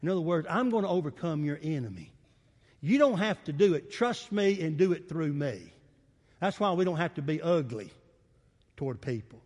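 A man's voice: on the high side, animated, normal speed, a little mellow, big-room sound. A man preaching a sermon in a church, calling for amens and acting out the quotes he reads. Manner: emphatic preaching with call-and-response, acts out quotes. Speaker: pastor. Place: church sanctuary.

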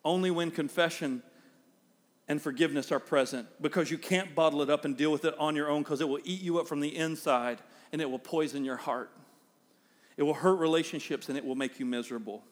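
A middle-aged man preaching a sermon as pastor, acting out everyday scenes in a raised, animated voice. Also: on the high side, fast, long reverb tail.

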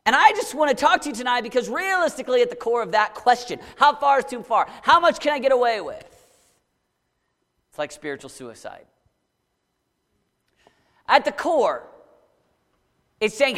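High-pitched bright-voiced man preaching a sermon. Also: sing-song, moderate pace, long pauses, in a large hall. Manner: dramatic, swings from shouting to low intensity.

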